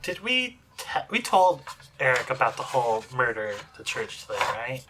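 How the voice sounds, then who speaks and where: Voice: medium pitch, expressive, moderate pace. A person playing a tabletop game, joking in a dry, teasing, blunt way. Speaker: player. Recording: audible background noise.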